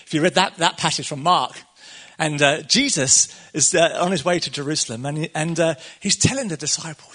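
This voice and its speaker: A man's voice: a little high, a little fast, pushed and bright. A man preaching a casual sermon, chatty and conversational, laughing often and acting out the quotes.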